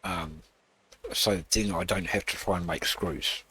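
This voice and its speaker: A man with a very deep voice hosts a gaming channel, talking his way through a build. His tone is husky yet bright, and he rambles with halting pauses and filler words. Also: steady tone. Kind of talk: casual gameplay walkthrough.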